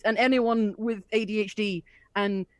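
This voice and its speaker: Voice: mid-range voice, steady tone, measured pace, smooth, no echo. A game master narrating a tabletop game with chatty description and frequent fillers.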